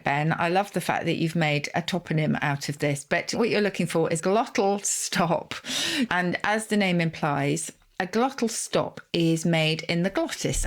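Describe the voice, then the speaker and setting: A middle-aged woman, co-hosting a podcast and explaining word origins with relish and quick asides. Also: lowish voice. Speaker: co-host, word expert.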